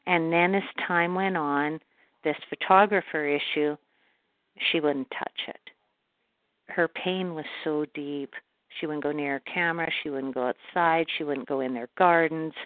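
A woman from Canada, speaking as a guest in a calm channeled voice that refers to herself in the third person. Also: deep voice, measured pace, dry recording. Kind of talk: channeled spiritual talk. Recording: phone-like call audio.

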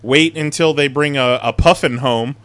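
A man's voice: medium pitch, normal speed, fairly bright tone. A man chiming in with dry jokes on a casual podcast. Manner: dry joking interjections. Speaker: podcast co-host.

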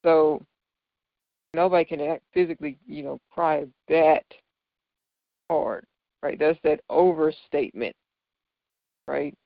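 Guy teaching a bible lit lesson, slow and gravelly, kinda dull dry recording. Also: fairly high pitch, very animated, no echo. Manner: slow, patient, checks in with "right?". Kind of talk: explaining figures of speech in scripture.

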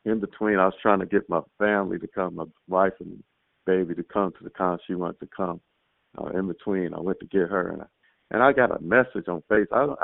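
A man tells a testimony on a prayer line in a lively storytelling way, acting out what he and others said. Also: sits low, gravelly, no echo. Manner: animated storytelling, acts out his own quotes. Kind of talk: casual spoken testimony. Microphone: phone. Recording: tinny phone line, dry.

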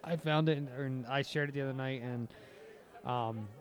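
A man's voice: mid-range voice, normal speed. A man co-hosting a podcast in loose, profane, rambling casual chat. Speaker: podcast co-host.

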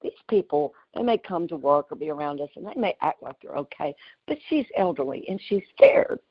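A woman, telling an animated story with exclamations on a group call. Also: sits low, fairly quick, breathy edge, dull audio. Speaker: community call participant.

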